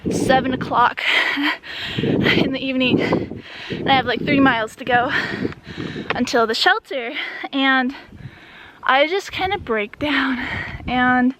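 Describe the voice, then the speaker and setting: A woman's voice: high voice, slow, pauses often. A young woman from Wisconsin telling a casual hiking story, chatty and full of "like" fillers, recorded outdoors on a mountain trail. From Wisconsin, USA. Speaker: hiker vlogger. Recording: outdoor noise in background.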